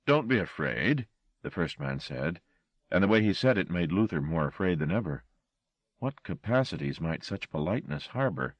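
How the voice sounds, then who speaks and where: A man narrating a horror audiobook with an expressive, dramatic reading. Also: low-pitched, normal speed, no room sound, highs cut off.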